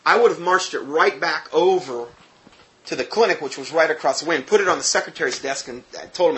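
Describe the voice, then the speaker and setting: Male storyteller, slightly high voice, emphatic personal testimony, restarts mid-sentence. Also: a little fast. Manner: animated, emphatic, with frequent restarts.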